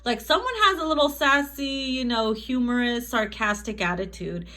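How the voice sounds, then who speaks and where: A woman's voice: fairly high pitch, normal speed, bright, forceful tone. A woman giving a casual tarot reading to camera, chatty and profane, often laughing and acting out quotes. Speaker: tarot reader.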